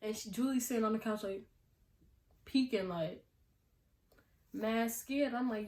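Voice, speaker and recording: A young adult woman vlogger telling a casual storytime in an animated, slangy way, often breaking into laughs. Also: fairly high pitch, a little slow, long pauses. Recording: roomy echo.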